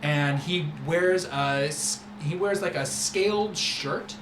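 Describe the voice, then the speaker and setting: Rambling male game master. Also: a little high. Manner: relaxed, halting with fillers. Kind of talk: narrating a tabletop game. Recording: roomy room with background noise.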